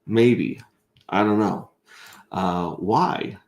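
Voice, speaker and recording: A man hosting a casual livestream, reading out viewer comments in an excitable, rambling way and often stammering over restarts. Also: on the low side, a little slow. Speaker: livestream host.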